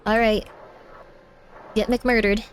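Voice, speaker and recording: A young woman streaming a game live, chatting fast and often repeating herself, with sudden exasperated outbursts. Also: on the high side, flat delivery, a little hiss or hum. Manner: chatty, repeats phrases, bursts of exasperated yelling.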